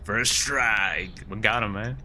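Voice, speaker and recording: Male game streamer, sick with a cold, easygoing chatter, very bright voice. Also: fairly low pitch, takes it slowly, slight background noise. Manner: laid-back chatter, tags lines with "eh?". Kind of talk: casual game commentary.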